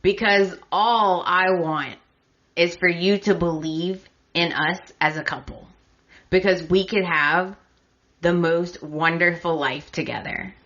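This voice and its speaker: A woman's voice: on the low side, steady tone, slow pace, fairly bright tone. A woman voicing an upset young husband who firmly pleads with a rival, in a dull lo-fi recording. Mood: pleading.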